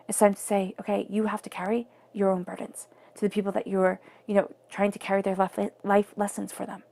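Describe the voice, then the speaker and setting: A woman's voice: medium pitch, vocal fry, a little mellow. A woman giving an earnest, emphatic tarot reading, repeating phrases and sometimes dropping to a whisper. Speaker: tarot reader.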